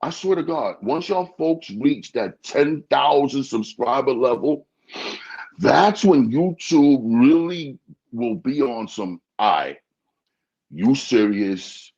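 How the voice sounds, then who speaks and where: A man chatting casually in an interview, animated, often stammering and repeating words. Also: mid-range voice, takes it slowly, husky. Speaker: podcast host being interviewed. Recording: dull lo-fi sound.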